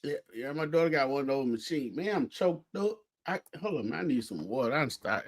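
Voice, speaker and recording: A man's voice: medium pitch, lively intonation, brisk. A man cohosting a casual sports chat, teasing his partner and telling stories. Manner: storytelling, teasing, laughing.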